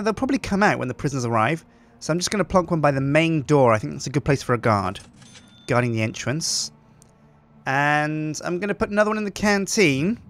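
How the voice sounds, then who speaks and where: A man's voice: on the high side, a bit bright. A man hosting game commentary, chatty and upbeat, thinking aloud as he plays. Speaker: host.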